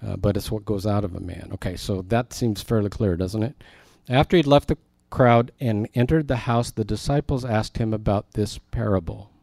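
A man's voice: lowish voice, normal speed, vocal fry, hardly any pauses, a little mellow, no room sound. A man teaching the Bible verse by verse in a conversational, emphatic way, often turning aside to talk to his class.

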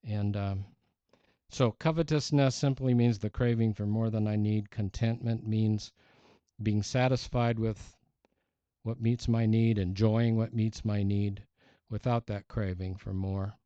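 A man's voice: lowish voice, fairly even intonation, unhurried, warm tone, dry recording, lo-fi sound. A man preaching a sermon in an earnest, emphatic way, reading scripture aloud.

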